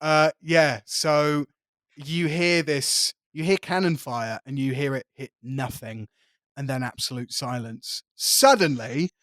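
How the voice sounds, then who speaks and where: A man with an English accent narrating as game master, describing the scene with lively detail and frequent laughs. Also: mid-range voice, takes it slowly, no echo, studio quality.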